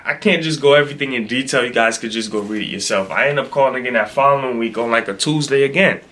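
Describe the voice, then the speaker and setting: A man vlogging casually, telling a story in an animated, exasperated way and repeating himself for emphasis. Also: mid-range voice.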